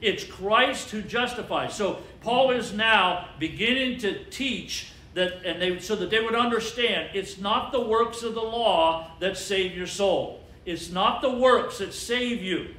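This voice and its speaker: Pastor, man, high voice, emphatic call-and-response preaching, roomy church sound. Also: unhurried, hardly any pauses, bright, forceful tone. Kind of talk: sermon. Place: church sanctuary. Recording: echoey church with faint ambience.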